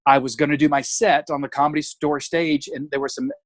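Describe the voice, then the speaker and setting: A middle-aged man, a guest comedian telling stories in a casual, animated, chatty way. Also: on the high side, brisk, dry recording. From Alabama, US. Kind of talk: casual anecdotal storytelling.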